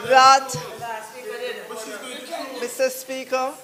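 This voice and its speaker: A man, a government minister, raising a point of order in a parliamentary debate. He speaks in an indignant, deliberate and insistent way. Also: very high voice, monotone, a crowd in the background, rough recording.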